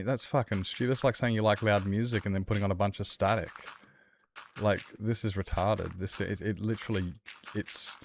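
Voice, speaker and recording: Man, low voice, heated swearing rant, casual stream chat, faint noise behind. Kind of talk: casual rant while gaming.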